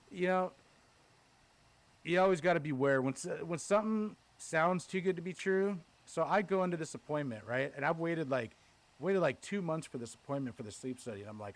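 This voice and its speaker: A man with a slightly high voice tells a story on a podcast, loose and chatty. He curses often and acts out each exchange in quoted dialogue, jumping between his own lines and the other people's. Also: brisk. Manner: animated, profane, retells with quoted dialogue. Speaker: podcast host. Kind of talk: casual storytelling chat.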